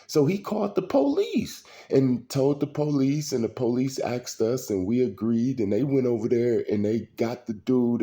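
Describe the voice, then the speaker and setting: A middle-aged man, telling stories in a slow, preachy street style. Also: mid-range voice, animated, warm tone. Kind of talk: casual storytelling monologue.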